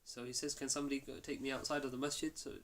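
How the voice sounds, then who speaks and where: A male teacher tells a story to his class, acting out each quoted line with energy. His voice sits at a medium pitch. The lesson is recorded in a mosque. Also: level tone, rapid-fire, fairly bright tone.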